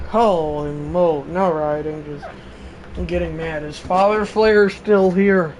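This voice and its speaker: A man commentating a football video game on a live stream, excitable and breaking into shouted exclamations. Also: sits high, takes it slowly, vocal fry. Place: indoors, on the floor next to a fan. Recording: distant mic with fan noise.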